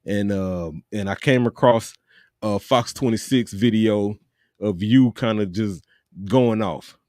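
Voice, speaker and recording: A man hosting a podcast in a relaxed, casual way, with plenty of fillers, stopping his guest to sort out the details. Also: fairly low pitch, takes it slowly, no echo, studio quality. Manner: laid-back with fillers, stops the guest to check details. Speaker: podcast host.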